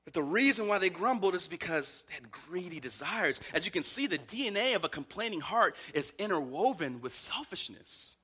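A man's voice: sits high, sing-song, normal speed, few pauses, pushed and bright, husky. A man preaching a sermon, asking emphatic rhetorical questions and briefly voicing grumbling complainers. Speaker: pastor.

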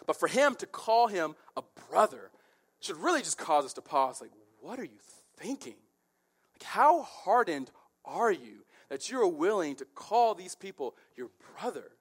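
Animated man teaching a Bible passage. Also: sits high, moderate pace, slightly rough. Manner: animated, dramatizes the story in voices. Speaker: preacher.

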